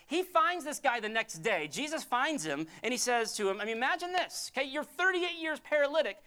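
Man, pastor, sermon, conversational, emphatic storytelling, bright forceful tone. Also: very high voice, expressive, a little fast, few pauses.

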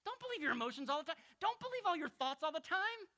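Emphatic preacher with a bright voice. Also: male voice, very high voice, sing-song, quick pace. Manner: emphatic, swinging from hushed to loud exclamations. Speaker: pastor. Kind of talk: sermon.

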